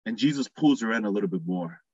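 A man's voice: on the low side, expressive, fast talker, darkish tone, slightly rough, no echo, muffled recording. A man preaching a sermon in a conversational way, acting out the people in the story as he goes. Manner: conversational, acts out quoted voices.

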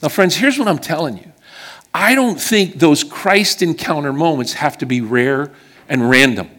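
An earnest man preaching to his church in a fairly high voice. He tells stories with emphasis and sinks low and soft on the words that matter most. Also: expressive, moderate pace. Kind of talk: sermon with personal stories. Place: church service before a congregation.

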